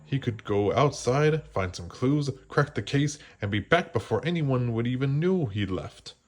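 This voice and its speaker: A man reading a children's storybook aloud, gently slowing down for the suspenseful parts. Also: mid-range voice, lively intonation, slight background noise. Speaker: storybook reader. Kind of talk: children's read-aloud narration.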